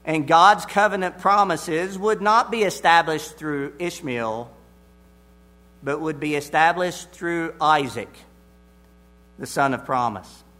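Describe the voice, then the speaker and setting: A man preaching an expository sermon, deliberate and emphatic, repeating his key phrases. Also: a little high, sharp tone.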